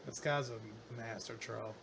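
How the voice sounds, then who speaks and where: A man's voice: mid-range voice, fairly even intonation, a little slow, vocal fry, a bit bright, a little hiss or hum. A man hosting a livestream, rambling crudely and offhand while reacting to clips. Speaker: livestream host. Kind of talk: casual reaction stream chat.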